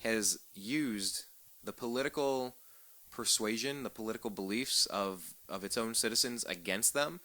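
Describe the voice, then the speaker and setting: A man's voice: fairly low pitch, a little slow, sharp tone, dry recording. A man hosting a political talk radio show, delivering a sarcastic, ranting monologue and stumbling over repeated words as he gets fired up.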